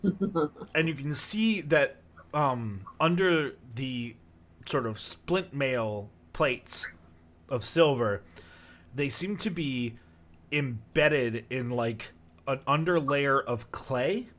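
A man's voice: mid-range voice, very slow. Man, game master, narrating a tabletop game, laid-back, rambling with fillers. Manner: relaxed, rambling descriptions with fillers.

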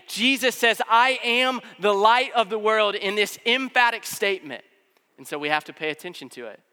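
A man preaching a sermon in a relaxed, conversational way, filling his explanations with casual fillers. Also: sits high, smooth. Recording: long hall reverb.

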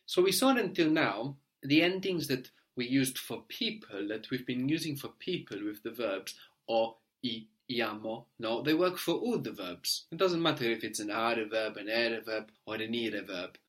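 A man teaching a language lesson, patiently prompting his student and spelling words out letter by letter, often checking with a quick "no?". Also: medium pitch, animated, a bit bright.

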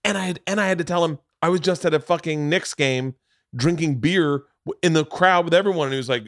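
A man's voice: a little high, fairly quick, a bit bright, no echo, studio quality. A man hosting a podcast, telling a long rambling story in casual chat, swearing freely. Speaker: podcast host.

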